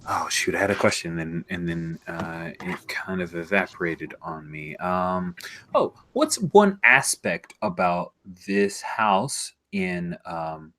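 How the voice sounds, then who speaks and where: A man running a tabletop role-playing game, explaining the setting in an animated way and sometimes dropping to a hushed whisper. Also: low voice, slow. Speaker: game master.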